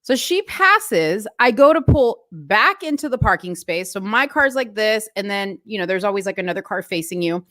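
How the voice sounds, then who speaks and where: A woman vlogger telling a story in a casual, animated rant full of asides. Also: medium pitch, moderate pace, hardly any pauses, no room sound, clean studio sound. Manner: chatty, animated retelling with asides.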